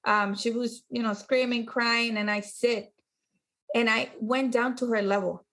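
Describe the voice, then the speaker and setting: A woman's voice: a little high, steady tone, unhurried, fairly bright tone. A woman co-hosting a podcast, chatting casually and telling stories about her daughter, acting out the lines. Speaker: podcast co-host. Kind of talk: casual chat.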